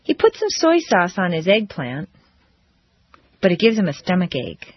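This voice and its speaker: A woman teaching English pronunciation, reading drill phrases slowly and deliberately with careful stress. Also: lowish voice, huge pitch swings, husky, no room sound, dull audio.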